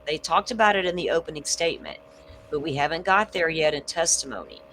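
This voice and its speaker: Woman host, blunt, swears a lot, bright forceful voice, faint hiss. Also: deep voice, expressive, fast talker, rough recording. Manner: blunt, swears freely, thinks out loud. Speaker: true crime livestream host. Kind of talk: casual livestream chat.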